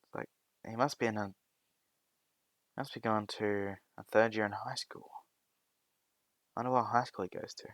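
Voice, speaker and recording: A man's voice: fairly low pitch, fairly even intonation, normal speed, pauses often, a bit bright, dry recording. A man improvising a fan story aloud, rambling and correcting himself as he goes.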